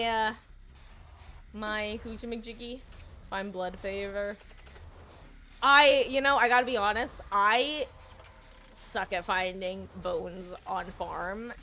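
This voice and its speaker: Young woman streamer, worn out from too little sleep, rambling and giggling; mid-pitched voice, faint hum behind. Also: steady tone, normal speed, sharp tone. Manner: rambling, giggly, self-deprecating. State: sleep-deprived, yawning. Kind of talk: casual gaming stream chat.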